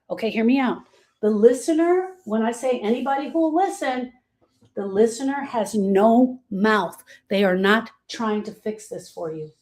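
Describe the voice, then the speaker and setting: Her fairly high voice is expressive and moves at a normal pace as she coaches viewers through grief. She keeps calling them "girl," hammers her points home through repetition, and lets her volume sink low, then surge.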